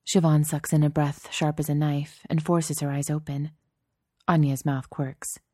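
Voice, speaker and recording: Woman narrator, low mellow voice, steady audiobook delivery, dry close recording. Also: unhurried, dry recording.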